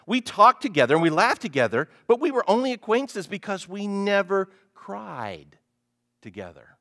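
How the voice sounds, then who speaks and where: A woman's voice: mid-range voice, very animated, moderate pace, fairly bright tone, voice pushed up. A man doing a wise old grandmother. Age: older.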